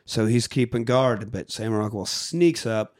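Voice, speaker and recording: A man's voice: fairly low pitch, lively intonation, measured pace, darkish tone. A man co-hosting a podcast, casually recapping a movie with crude jokes and acted-out lines. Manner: crude, jokey, acts out scenes in put-on voices. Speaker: podcast co-host.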